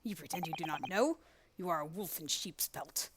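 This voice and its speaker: A woman voicing a gruff, threatening male ship officer with a rough mock Russian accent. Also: on the low side, expressive, normal speed, heavy background noise, close to an everyday voice. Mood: menacing. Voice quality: rough, clumsy put-on accent.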